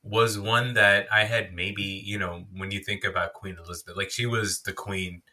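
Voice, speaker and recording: A man's voice: fairly low pitch, flat delivery, moderate pace, bright, forceful tone. A man in his thirties co-hosting a podcast, talking in a loose, rambling, self-deprecating way with lots of filler words. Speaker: podcast co-host. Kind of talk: casual chat.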